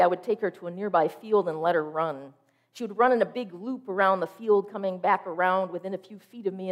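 A woman preacher delivering a sermon, telling a personal story in a vivid, expressive way. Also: fairly low pitch.

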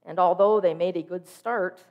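A woman preacher delivering a sermon, telling a personal story in a vivid, expressive way. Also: lowish voice, moderate pace, muffled recording.

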